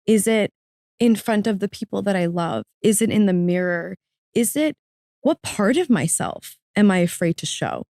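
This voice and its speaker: This podcast guest is a woman author with a creaky, darkish voice, lively intonation, and normal speed, recorded dry in studio quality. She tells an emotional personal story in an earnest, reflective way, her voice rising high as she's moved to tears.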